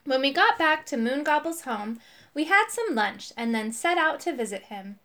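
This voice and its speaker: A woman reading a children's storybook aloud, expressive and animated. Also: high voice, moderate pace. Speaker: audiobook reader.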